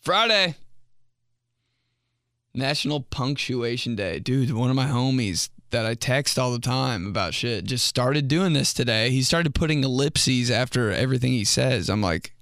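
A young man hosting a solo comedy podcast, rambling and swearing casually and jumping into high mock voices for jokes. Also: expressive, normal speed, a bit bright, no echo, clean studio sound. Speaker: podcast host.

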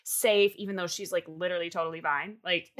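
Woman co-host, bright, fast and animated movie recapper. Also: fairly low pitch.

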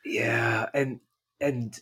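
A man's voice: mid-range voice, steady tone, bright, forceful tone, husky. A man who works as a therapist, chatting casually with frequent restarts and repeated words. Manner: halting, many restarts and fillers. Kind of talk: casual conversation.

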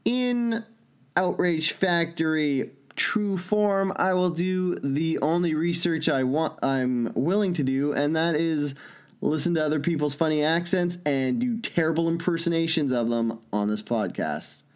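A man's voice: on the high side, unhurried, clean tone. Profane, joking male podcast co-host. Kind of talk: casual podcast banter.

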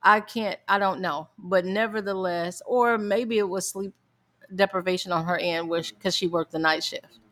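A middle-aged mother tells a family story in a relaxed, chatty way, laughing as she goes. Her voice sits on the lower side for a woman and gets lively as the tale builds. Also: normal speed. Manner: animated storyteller, laughs often.

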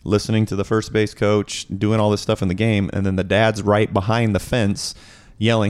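Low-voiced male podcast host, dry sound. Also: flat delivery, moderate pace, few pauses, a little mellow, clear, resonant tone, no room sound. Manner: rambling storyteller, acts out quotes. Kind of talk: casual chat.

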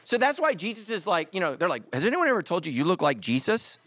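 Preaching fast in a high-pitched voice, this middle-aged male pastor fills his sermon with lively stories and jokes. He performs the quoted lines as he goes.

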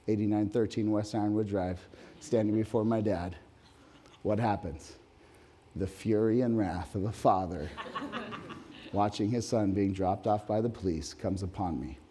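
A man delivering a sermon to a congregation in a church hall. His voice is mellow and dark in tone. His delivery is animated, swinging from quiet asides to loud, high-pitched reading of scripture. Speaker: pastor.

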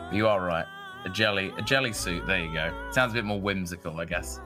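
A man's voice: deep voice, fairly quick, music in the background. A man co-hosting a podcast, chatting casually in an easygoing, jokey, slangy way. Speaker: podcast co-host. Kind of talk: casual chat.

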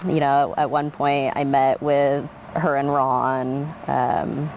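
A woman in her thirties from Oregon, telling stories in an oral history interview, animated, with frequent laughs and fillers. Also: deep voice, a little hiss or hum. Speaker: interviewee, winemaker.

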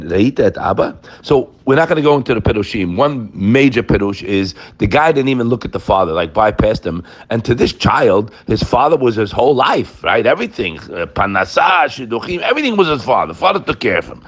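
A man giving an emphatic daily Torah talk, weaving Hebrew quotations into English and calling his listeners "guys". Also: mid-range voice. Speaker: Torah teacher.

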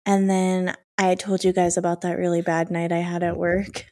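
A woman co-hosting a podcast in casual chat, her voice husky after being ill, laughing and playful. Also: lowish voice, flat delivery, moderate pace, a little mellow. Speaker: podcast co-host.

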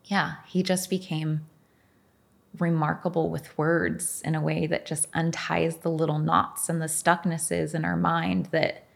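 A woman's voice: low voice, little pitch movement, a little slow, gravelly. A middle-aged woman being interviewed as a podcast guest, telling her story frankly and with animation, swearing and laughing often.

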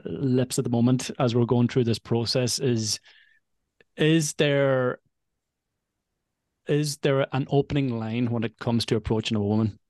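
A man's voice: mid-range voice, dry recording, studio quality. A man hosting a podcast interview, chatty and full of praise for his guest. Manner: warm praise, says brother and man. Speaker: podcast host.

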